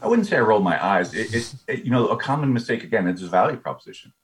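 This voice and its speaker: A man's voice: on the low side, sing-song, fast talker. A man talking as a business coach guest in a casual interview, eager and often repeating his first words. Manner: eager, repeats words when starting a thought.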